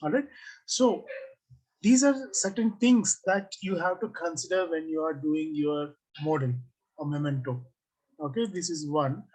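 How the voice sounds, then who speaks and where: Husky-voiced design teacher on a video-call mic, asks the class questions and reads out their comments, mid pitch. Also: a little slow, darkish tone, rough recording. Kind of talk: online class review.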